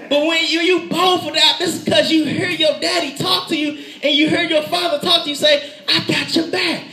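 A man preaching a lively sermon with an animated, playful delivery, laughing and shouting in bursts. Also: very high-pitched, fairly quick. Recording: echoey room.

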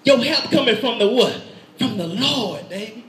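A man preaching a lively sermon with an animated, playful delivery, laughing and shouting in bursts. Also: very high-pitched, normal speed. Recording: echoey room.

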